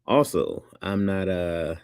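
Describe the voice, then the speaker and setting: A man's voice: deep voice, slow pace, creaky, darkish tone, clear, resonant tone, dry recording. A man hosting a livestream, joking loosely, laughing often and reading chat comments aloud.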